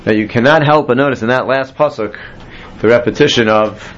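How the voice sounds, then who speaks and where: A man's voice: mid-range voice, brisk, muffled recording, a little hiss or hum. A man teaching a classroom Bible lesson, explaining step by step and quizzing his students. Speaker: Torah teacher.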